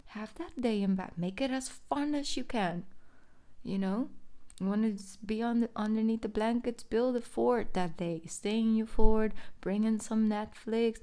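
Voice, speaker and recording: A young woman reading tarot in a relaxed, chatty way, her voice carrying a gravelly fry. She soothes and reassures the listener, now and then slipping into soft whispers. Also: fairly high pitch, moderate pace. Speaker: tarot reader. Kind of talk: casual tarot reading monologue.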